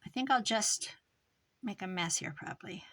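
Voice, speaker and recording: Midwest lady chatting away while she glues stuff, mid pitch, kinda drifts off and mumbles, little bit of hiss behind her. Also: moderate pace. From American Midwest. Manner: rambling, thinks aloud while working, drifts quieter. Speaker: craft vlogger. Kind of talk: chatty crafting monologue.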